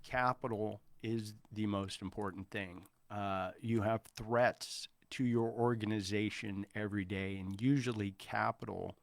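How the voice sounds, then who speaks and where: A man's voice: on the low side, steady tone, unhurried, gravelly, hardly any pauses, dry recording. A man in his forties, an entrepreneur guest in an interview, giving earnest advice with frequent restarts. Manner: earnest, advising, many restarts. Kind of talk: casual interview talk.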